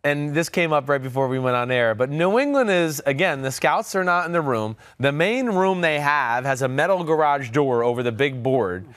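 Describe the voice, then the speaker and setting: A man's voice: on the high side, animated, moderate pace, hardly any pauses, fairly bright tone, clear, resonant tone, no room sound. A man in his forties, a podcast host and former quarterback, telling loose, rambling stories in casual sports talk. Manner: loose, rambling storyteller with many fillers.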